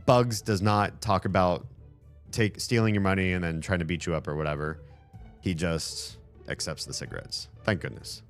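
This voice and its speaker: A man with a voice that is going hoarse gives casual, rambling gameplay commentary and swears freely. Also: deep voice, moderate pace, soft background music. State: losing his voice. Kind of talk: casual let's-play commentary.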